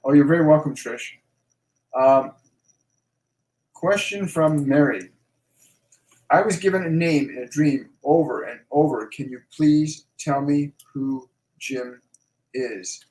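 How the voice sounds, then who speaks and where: A man's voice: fairly high pitch, darkish tone. Man medium relaying messages, echoey room. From Canada. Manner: repeats phrases, slow and emphatic when relaying messages. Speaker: medium hosting a live Q&A. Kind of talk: live stream Q&A, relaying messages.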